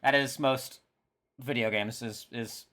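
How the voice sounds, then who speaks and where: A reaction video host chatting casually, excitable and laughing often. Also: mid-range voice, slow.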